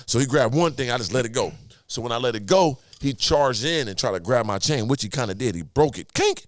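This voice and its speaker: Male podcast guest, rapid profane storyteller with a dry, close sound. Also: medium pitch, lively intonation, dry recording. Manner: profane, vivid, with sound effects and acted-out quotes. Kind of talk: animated storytelling.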